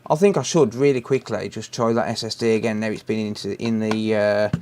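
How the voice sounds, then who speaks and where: A man's voice: lowish voice, fairly even intonation, a little fast, a little mellow, slight background noise. A British man hosting a repair live stream, chatting casually and answering viewer messages while he works. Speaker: repair livestream host.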